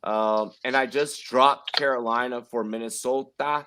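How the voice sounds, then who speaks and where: A man's voice: mid-range voice, steady tone, moderate pace, background noise. A man hosting a casual fantasy football stream, talking in a brash, profane, rambling way. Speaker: podcast host. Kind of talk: casual sports chat.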